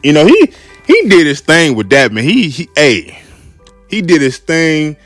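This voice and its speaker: A man's voice: a little high, wildly swooping pitch, measured pace, fairly bright tone, no echo, soft background music. A man hosting a casual solo podcast, laid-back and repetitive, often saying "man". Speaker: podcast host.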